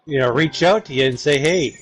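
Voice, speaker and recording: A man's voice: mid-range voice, fast, poor audio. A man chatting on a gaming stream, rambling through long explanations over voice chat. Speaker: streaming guest.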